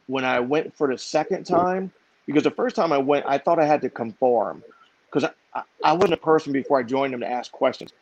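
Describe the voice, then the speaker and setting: A man with a gravelly, creaky voice, speaking as an interview guest who tells his stories with lively energy and repeats phrases for emphasis. The sound is dry and a little muffled, like a lo-fi recording. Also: medium pitch, fairly quick, no echo. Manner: animated, repeats himself for emphasis. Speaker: guest, business owner. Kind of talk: conversational storytelling. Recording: dry, slightly dull lo-fi sound.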